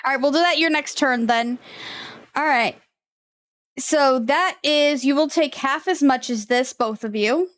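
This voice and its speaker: A woman running a tabletop game online, relaxed, chatty and quick to laugh. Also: high-pitched. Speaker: game master.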